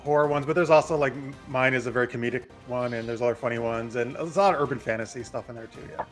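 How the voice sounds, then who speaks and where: A man's voice: mid-range voice, rapid-fire, faint music behind. A man co-hosting a tabletop game stream, chatty and rambling. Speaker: co-host and player. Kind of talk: casual chat.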